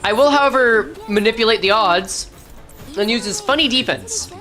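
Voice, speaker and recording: A woman's voice: on the high side, lively intonation, moderate pace, pushed and bright, soft background music. A woman streamer giving casual gameplay commentary, thinking aloud and correcting herself as she goes. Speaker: game streamer.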